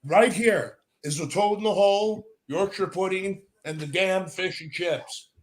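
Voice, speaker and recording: An American man hosting a casual podcast chat, telling loud stories full of swearing. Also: sits high, measured pace. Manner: swears a lot, loud storytelling.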